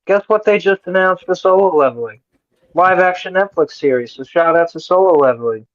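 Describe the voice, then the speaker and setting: A man's voice: sits high, animated, a little fast, dry recording, dull audio. A man co-hosting a podcast who jumps in with jokes and swearing during casual banter. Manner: joking, interjecting, swearing. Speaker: podcast co-host.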